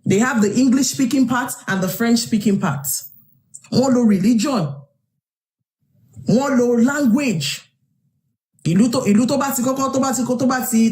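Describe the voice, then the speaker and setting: A woman's voice: a little high, a little mellow. Passionate Yoruba woman, echoey room. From Yoruba southwest Nigeria. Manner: rhetorical questions, switching between Yoruba and English. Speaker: live stream host. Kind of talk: impassioned live stream monologue.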